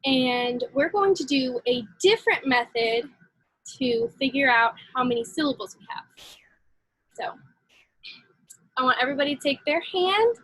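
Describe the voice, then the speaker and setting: A woman teaching a phonics lesson to young children, slow and encouraging. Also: high voice, expressive, fairly bright tone, no echo, low-quality recording.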